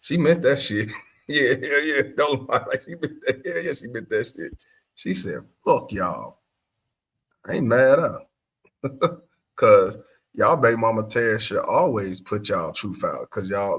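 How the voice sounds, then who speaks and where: A man's voice: medium pitch, expressive, measured pace, fairly bright tone, husky. A man hosting a casual reaction show, profane and laughing often as he comments. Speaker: host.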